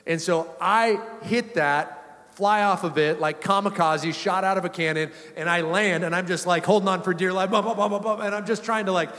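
In a storytelling sermon, a male pastor talks in a loose, conversational, animated way, chuckling often mid-sentence at a moderate pace. His voice is a bit higher than most men's, and every phrase carries a long reverb like a big church hall.

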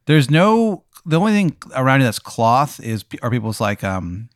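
A man's voice: medium pitch, very animated, moderate pace, no room sound, clean studio sound. A man hosting a comedy podcast, narrating an improvised scene with lots of fillers. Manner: rambling, lots of "like". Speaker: podcast host running an improvised scenario. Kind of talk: improv storytelling.

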